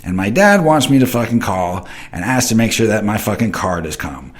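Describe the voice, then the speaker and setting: A man's voice: fairly low pitch, big pitch swings, normal speed. A middle-aged man hosting an internet radio show, rambling in a casual monologue full of swearing and talking straight to his listeners. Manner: reads and answers chat comments.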